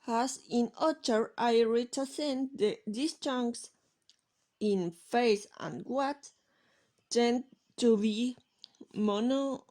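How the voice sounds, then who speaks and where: A woman slowly reading out a presentation on accents, halting between words. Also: on the high side, dark tone.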